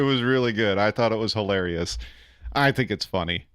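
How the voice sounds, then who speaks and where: A man chatting on a live stream in a relaxed, rambling way, full of ums and easy laughter. His voice is smooth and resonant, recorded close and dry with no room sound at all. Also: fairly low pitch, normal speed, dry recording. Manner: rambling and easygoing, laughs often, many fillers. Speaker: streamer hosting a reaction stream. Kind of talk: casual live-stream commentary.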